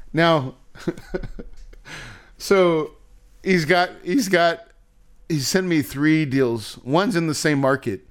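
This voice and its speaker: A man's voice: on the high side, animated, very slow, pauses often. A man hosting a podcast, venting and swearing in a candid monologue, laughing it off between complaints. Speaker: podcast host.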